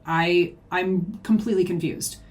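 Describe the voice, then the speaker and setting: A woman's voice: lowish voice, fairly even intonation, unhurried, darkish tone. A woman reacting to a video, defending herself point by point in casual commentary.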